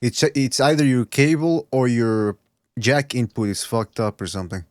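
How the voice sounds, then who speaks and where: A man's voice: mid-range voice, normal speed, a little mellow, no room sound, studio quality. Joking, profane podcast host man. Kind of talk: casual podcast banter.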